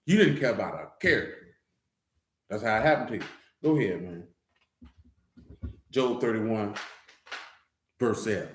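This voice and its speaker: A man's voice: fairly low pitch, expressive, unhurried, pauses often, echoey room, a little hiss or hum. A man giving a loose, blunt, streetwise scripture teaching. He talks conversationally and keeps asking "you know what I'm saying". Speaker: teacher of a scripture study assembly.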